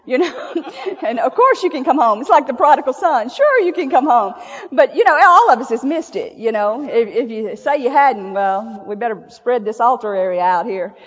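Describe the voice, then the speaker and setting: This woman's high-pitched voice carries a breathy edge as she gives a sermon as a church speaker. She tells stories in a folksy, chatty manner with plenty of laughter, and the sanctuary recording sounds echoey, dull, and lo-fi.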